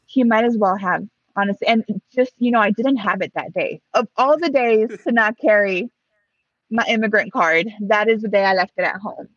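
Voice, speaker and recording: A woman's voice: mid-range voice, normal speed, dry recording, lo-fi sound. A Mexican woman telling a story in casual conversation, acting out both sides of a heated exchange. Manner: animated, acts out both sides of a dialogue.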